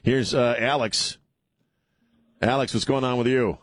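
A man's voice: mid-range voice, fairly even intonation, unhurried, no room sound. A man hosting a call-in radio show from a studio, blunt and joking, laughing often. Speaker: radio talk show host. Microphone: studio mic.

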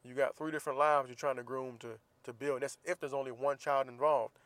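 A man in his thirties, casually telling a teasing story and giving blunt, profane advice in a relaxed monologue. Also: medium pitch, fairly quick, no room sound. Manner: laid-back, teasing, profane. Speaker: vlogger.

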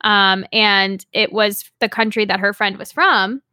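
A woman's voice: medium pitch, steady tone, measured pace, pushed and bright, dry recording, clean studio sound. A young woman co-hosting a podcast, telling travel stories in a casual chat and laughing often. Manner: chatty storyteller, laughs often. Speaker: podcast co-host.

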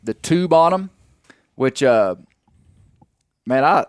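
Ein Mann aus dem amerikanischen Süden moderiert einen Podcast und erzählt locker und weitschweifig, mit vielen Füllwörtern. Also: male voice, fairly high pitch, lively intonation, slow pace, clear, resonant tone, no echo, clean studio sound. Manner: folksy, rambling with fillers and restarts. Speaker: podcast host. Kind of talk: casual storytelling chat.

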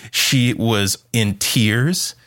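A man in his thirties chatting casually as a podcast co-host. He tells a family anecdote in an animated way and jumps his voice up to act out what people said. His pitch sits in the middle range. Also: very slow. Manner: animated, acts out quotes with a raised voice. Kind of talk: casual storytelling chat.

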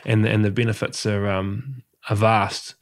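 A man's voice: on the low side, flat delivery, a little slow. A man hosting a podcast interview, musing in a loose, reflective way with plenty of fillers. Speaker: podcast host. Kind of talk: conversational interview.

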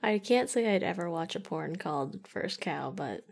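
A woman's voice: on the low side, expressive, moderate pace, vocal fry, husky. A woman co-hosting a casual late-night podcast, teasing with a dry sense of humor. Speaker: podcast co-host.

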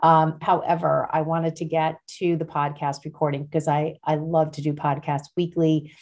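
Low-voiced woman podcast host chatting. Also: flat delivery, normal speed, highs cut off. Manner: warm rambling with frequent fillers and restarts. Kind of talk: casual personal chat.

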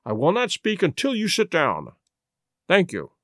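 A man reading an audiobook, playing a cool, commanding detective who speaks in a measured, authoritative way. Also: high voice, wildly swooping pitch, a bit bright, no echo, clean studio sound, heavily acted. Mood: firm.

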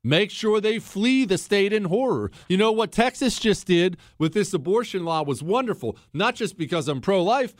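A male radio host delivers fiery, emphatic commentary and hammers his points home by repeating them. His slightly high voice leaps around in a very lively way. The sound is dry and close on a studio mic. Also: normal speed, few pauses, no room sound. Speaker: radio talk show host. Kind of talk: talk radio commentary and listener mail.

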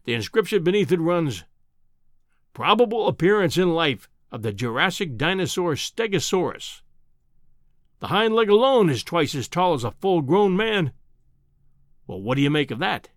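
A man's voice: sing-song, moderate pace, dry recording, clean studio sound. A man voicing a scornful, overbearing male professor of science in a storybook reading. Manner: booming, overbearing, mocking.

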